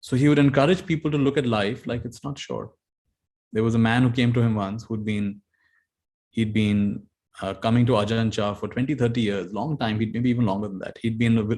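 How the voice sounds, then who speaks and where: A man giving a dharma talk as meditation teacher, telling stories gently and repeating key phrases. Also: mid-range voice.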